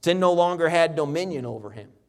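A middle-aged man preaching a sermon, reading scripture and telling stories with lively, animated delivery. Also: a little fast. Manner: animated storytelling preacher, reads scripture in a lower, steadier voice. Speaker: pastor.

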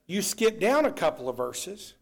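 A man preaching a sermon, swinging between loud declarations and low, quiet asides. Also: very animated, moderate pace, gravelly.

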